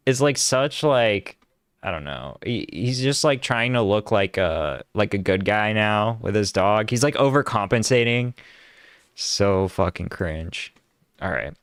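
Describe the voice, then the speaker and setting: A man riffs through casual commentary in a low, smooth voice, mocking his subject with easy sarcasm. His talk is loose and scattered with "like," recorded dry and close. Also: lively intonation, measured pace, fairly bright tone, dry recording. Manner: sarcastic, mocking, heavy use of "like". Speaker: co-host.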